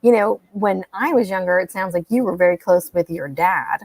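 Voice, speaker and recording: A woman in a casual panel discussion, chatty and quick to laugh, with a rambling way of talking. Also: lowish voice, a little mellow, no echo. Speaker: panel guest.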